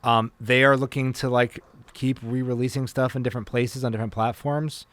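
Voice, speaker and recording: A man's voice: medium pitch, little pitch movement, brisk, a bit bright, dry recording. A young man on a casual gaming podcast who restarts sentences a lot and laughs often. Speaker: podcast co-host. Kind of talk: casual chat.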